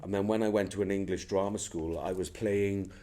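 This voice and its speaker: A man's voice: low-pitched, steady tone, fairly quick, warm tone. A middle-aged man with a Welsh accent, an actor telling stories in a casual interview, rambling with many restarts. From Wales.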